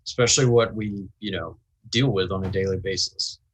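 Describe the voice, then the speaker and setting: A reclusive collector who guards his family heirlooms, played by a man in a tabletop game. His voice sits low and moves in a halting, hesitant way, full of fillers. It is close, ordinary speech rather than a showy character voice. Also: husky, rough recording. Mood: guarded. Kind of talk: tabletop role-play over a voice call.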